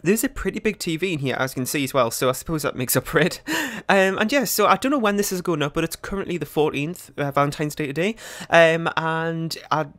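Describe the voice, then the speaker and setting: A man's voice: on the high side, fast talker, a bit bright. A young British man chatting casually over a game speed build, rambling with lots of ums and likes. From United Kingdom. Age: young adult. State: out of breath. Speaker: gaming YouTuber.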